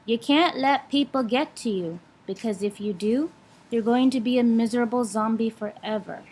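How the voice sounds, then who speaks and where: A woman's voice: on the high side, moderate pace, a little mellow, breathy edge. A young woman vlogging in a blunt, frank way, swearing freely while she lectures and gives advice. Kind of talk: casual vlog talk.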